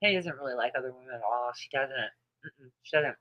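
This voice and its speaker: A woman's voice: very deep voice, fairly quick, lo-fi sound. A woman in her thirties hosting a casual livestream, gossiping bluntly about others, laughing often and swearing. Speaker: livestream host. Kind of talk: casual livestream chat reading comments.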